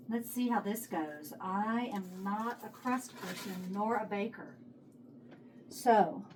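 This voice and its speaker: Texan woman home cook, unhurried rambling kitchen chat, phone on a tripod, faint hiss. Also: medium pitch. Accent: Texas. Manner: rambling, thinking aloud while working. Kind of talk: casual cooking vlog chat.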